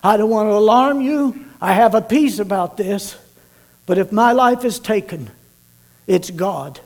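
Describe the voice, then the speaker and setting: A man preaching acts as an earnest young churchman speaking gently to his wife in a high, light voice. He stays steady and sure, with small stumbles when he tries to explain. The part is told inside a spoken sermon. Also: unhurried, creaky, full character voice. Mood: calm. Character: grown son, calm young churchman.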